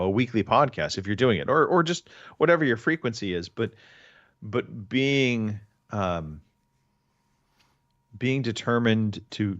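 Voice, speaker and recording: A man's voice: lowish voice, a bit bright, dry recording, lo-fi sound. A man hosting a casual podcast chat, talking in long rambling stretches with many restarts. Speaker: podcast host.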